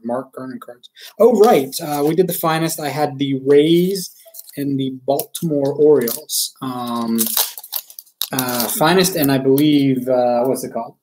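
A man's voice: medium pitch, a little mellow, a little hiss or hum, poor audio. A man from Maryland chatting casually on a live stream, self-deprecating and full of ums and uhs. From Maryland, USA. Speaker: live-stream card breaker. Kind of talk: rambling live-stream chat.

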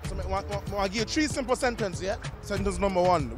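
A man's voice: sits high, fast talker, reverberant. Hyped man, street interviewer. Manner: hyped, shouting slang, repeats himself. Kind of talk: loud street vox-pop hosting. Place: outdoor carnival. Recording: carnival music behind voice.

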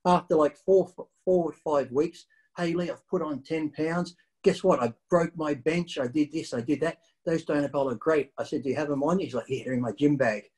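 A man's voice: on the high side, normal speed, rough recording. A middle-aged man telling a story in casual conversation, blunt and swearing freely as he recounts it. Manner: blunt, profane, animated storyteller. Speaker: guest bodybuilder.

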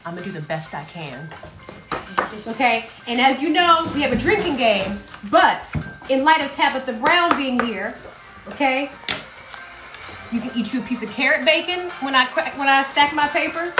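A woman's voice: high voice, animated, moderate pace, reverberant, music in the background. A woman from South Carolina with a Southern accent, hosting a playful, chatty livestream show from her home. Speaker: host. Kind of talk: casual livestream chat. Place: home in Brooklyn.

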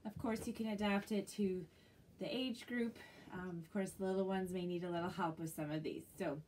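A woman's voice: medium pitch, fairly even intonation, fairly quick, a little mellow, slight background noise. A woman librarian leading children's music and movement, singing action songs in a sing-song, encouraging way. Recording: voice distant from the mic.

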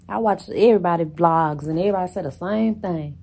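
Woman vlogger, low husky voice, blunt casual chatter with cursing. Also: quick pace, hardly any pauses, warm tone. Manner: blunt and chatty, swears freely; laughs often while talking. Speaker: lifestyle vlogger. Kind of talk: casual chat to camera.

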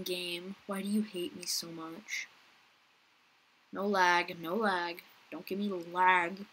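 A woman talking through an online game for her viewers, chatty and quick to get frustrated. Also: lowish voice, a bit bright, slightly rough. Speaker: gaming YouTuber. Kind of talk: casual gameplay commentary.

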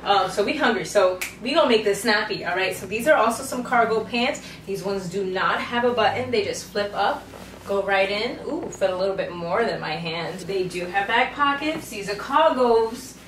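A woman's voice: medium pitch, animated, moderate pace, fairly bright tone. Sassy young woman in a roomy room. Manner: chatty, playful and sassy, slangy asides. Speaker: fashion vlogger. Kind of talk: try-on haul commentary. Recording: roomy, mic far off, faint noise.

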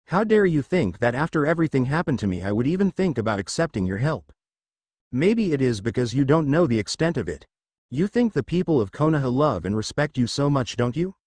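A cold, bitter teenage boy ninja, as a man reads him in a fanfiction story, flat and quietly seething. The voice still moves around a lot in pitch. The sound is dry and close. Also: no echo. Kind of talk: fanfiction read-aloud.

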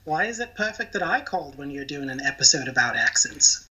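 A man's voice: a little high, very animated, brisk, bright, forceful tone, voice pushed down, full character voice. A man voicing his brother-in-law on a phone call, a stubborn figure who argues back and insists he is right. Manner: stubborn, argumentative.

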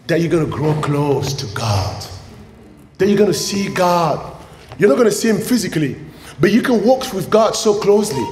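A man preaching a sermon, lively and playful, urging his congregation on. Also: high voice, slight background noise. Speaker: pastor. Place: church sanctuary. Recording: echoey church hall with faint ambience.

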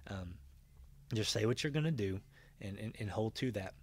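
A man's voice: on the low side, expressive, moderate pace. A man preaching a conversational Bible-teaching sermon, retelling scenes with voiced quotes and frequent fillers and restarts. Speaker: pastor.

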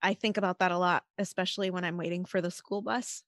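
A woman's voice: lowish voice, fairly even intonation, fast, a bit bright, dry recording, clean studio sound. Chatty woman telling a story. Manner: earnest, chatty, many "like" and "you know" fillers. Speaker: podcast guest, mother of a child with disabilities. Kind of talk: casual personal storytelling.

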